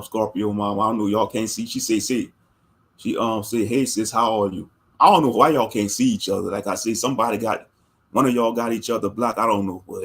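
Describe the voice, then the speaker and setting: Easygoing man chatting on a livestream. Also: fairly low pitch. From Louisiana. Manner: easygoing, chatty and rambling, laughs often. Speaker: livestream host. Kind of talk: casual live-stream chat.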